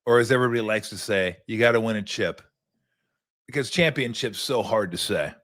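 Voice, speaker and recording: An older man hosts a sports talk show in a loose, rambling monologue, tossing in profane and sarcastic asides. His voice sits on the low side. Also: a little fast, a bit bright.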